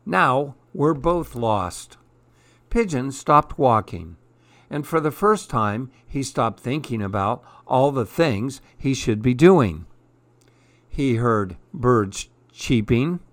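A man reading a children's picture book aloud in a calm, measured storytelling way. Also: mid-range voice, no echo.

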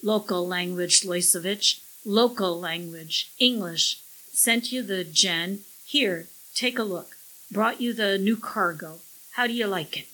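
A woman's voice: medium pitch, unhurried, pushed and bright, poor audio. A woman voicing a sly, scheming male parrot who snickers and squawks smugly.

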